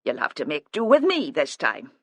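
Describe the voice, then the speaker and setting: An audiobook narrator voicing a blunt, middle-aged woman police inspector who talks directly and deliberately. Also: mid-range voice, huge pitch swings, fairly bright tone, dry recording, pitched below the performer's own voice, heavily acted. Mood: businesslike.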